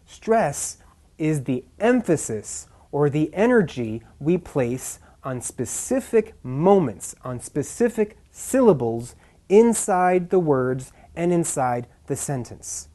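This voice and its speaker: Man, pronunciation teacher, slow deliberate delivery, mellow tone, exaggerated syllable stress. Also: a little high. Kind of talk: scripted English lesson.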